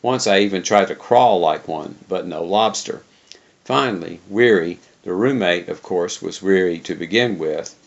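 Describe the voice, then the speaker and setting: A man reads a travel memoir aloud in a dry, wry way. His very low voice has a gravelly rasp. The recording is dull and lo-fi, like an old tape. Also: normal speed. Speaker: reader.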